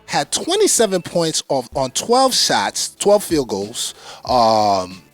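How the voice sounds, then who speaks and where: A man hosting a fan podcast, giving casual basketball commentary in an animated way, repeating phrases for emphasis and speaking straight to his viewers. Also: medium pitch, slow, dry recording, faint music behind. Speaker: podcast host.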